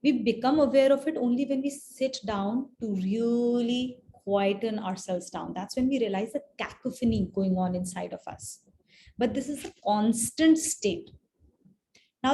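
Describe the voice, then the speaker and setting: A woman teaching a scripture class in a conversational way, often checking in with her listeners and pausing with fillers as she explains. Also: a little high, warm tone, a little hiss or hum. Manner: conversational, keeps asking "right?"; pauses with fillers and restarts while explaining. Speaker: spiritual teacher.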